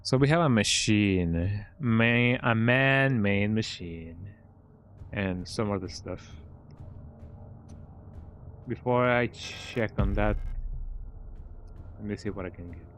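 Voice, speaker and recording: A man with a low-pitched voice reads game text aloud on a live stream, muttering and restarting words as he goes. He often ends lines with a questioning "eh?". Faint music sits behind him. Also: slow, long pauses, a bit bright. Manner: mutters, stumbles over words, and tacks "eh?" onto lines.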